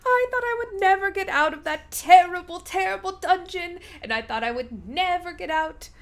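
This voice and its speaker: A tearful fairy dragon knight gushes his thanks in a high, quavering voice, put on by a woman. He is grateful and a little dramatic, a figure from a tabletop fantasy game. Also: expressive, slow, a bit bright, heavily acted. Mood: overjoyed weepy. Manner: tearful, gushing, high-pitched.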